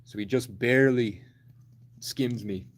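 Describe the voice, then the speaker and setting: A man's voice: medium pitch, unhurried. A man in his twenties telling a long personal story in a rambling, blunt, profane way on a livestream. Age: 20s.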